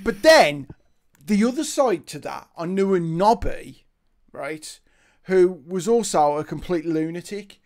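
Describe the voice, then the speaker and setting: A man's voice: high-pitched, unhurried. Man telling a laughing anecdote. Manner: animated, laughing anecdote-teller who acts out quotes. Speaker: podcast co-host. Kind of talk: casual storytelling chat.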